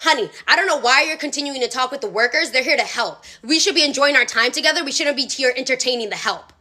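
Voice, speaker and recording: A woman's voice: high-pitched, quick pace, pushed and bright, voice pushed down. A woman voicing a rude, angry husband who talks down to a waitress in a curt, condescending way. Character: rude angry middle-aged husband at restaurant.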